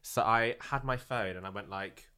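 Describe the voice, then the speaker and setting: A man's voice: lowish voice, normal speed, sharp tone. A young man chatting casually, hesitant and thinking aloud. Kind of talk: casual chat.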